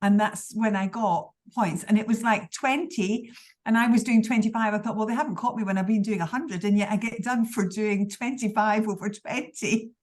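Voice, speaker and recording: A woman on a group video call tells a lively story about a driving mishap. She chats easily and laughs along with the others. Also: mid-range voice, moderate pace.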